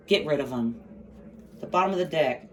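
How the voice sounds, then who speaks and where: A woman's voice: low-pitched, lively intonation, normal speed. A woman giving a casual tarot reading, blunt and profane, with sassy asides. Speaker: tarot reader. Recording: slightly distant mic, faint background noise.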